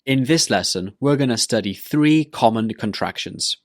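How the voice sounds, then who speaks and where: A man teaching English pronunciation in a scripted lesson, speaking slowly and deliberately and repeating words for learners to copy. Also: mid-range voice, very animated, no echo, clean studio sound.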